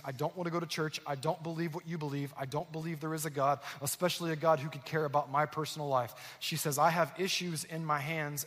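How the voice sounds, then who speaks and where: A man's voice: a little high, fairly bright tone. Man, pastor, sermon, storytelling, raised voice, long hall reverb. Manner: storytelling, acting out quoted voices with rising intensity. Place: church auditorium.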